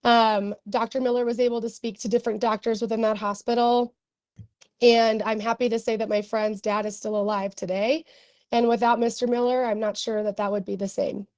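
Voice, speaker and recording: A young woman doctor giving earnest, emotional testimony at a hearing, with many pauses and ums. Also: a little high, level tone, a little mellow, no room sound.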